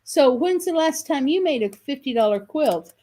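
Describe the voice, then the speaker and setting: A woman's voice: sits high, lively intonation, moderate pace, dark tone. A woman hosting a live sales video for quilt kits, chatty and enthusiastic, often correcting herself mid-sentence. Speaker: shop host selling quilt kits.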